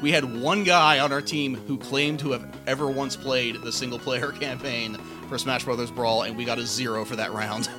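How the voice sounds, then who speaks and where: A man's voice: mid-range voice, fairly even intonation, moderate pace, few pauses, music in the background. A man co-hosting a podcast, telling rambling stories in casual chat with frequent stammers and restarts. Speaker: podcast co-host.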